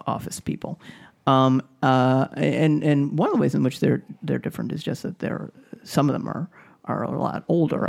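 A man's voice: mid-range voice, vocal fry, a little mellow. A man telling a story on a podcast in casual chat, rambling with many fillers and restarts.

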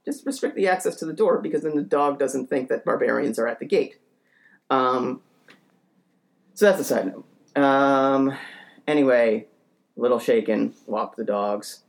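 Unhurried and gravelly, with long pauses, a man tells a story casually on a podcast. He rambles with fillers and restarts, grows heated and ranting, and acts out quotes in a shouting, higher voice.

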